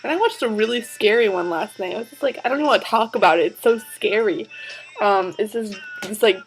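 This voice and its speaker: A woman vlogging in a casual chat. She tells stories in a chatty, excitable way and sounds tired. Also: medium pitch, fast, soft background music, low-quality recording.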